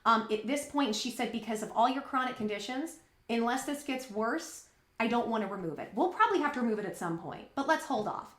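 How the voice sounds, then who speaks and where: Woman vlogging, kinda high voice, talks loose and emotional, echoey room. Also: animated, fairly quick. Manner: candid, rambling, emotional retelling. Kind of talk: personal storytelling to camera.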